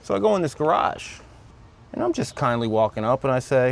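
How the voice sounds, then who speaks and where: A vlog host works on a car in his garage, narrating hands-on and telling a joking, casual story with some swearing. His voice is on the high side, sing-song, a little fast and creaky. A slight hiss or hum sits under the audio.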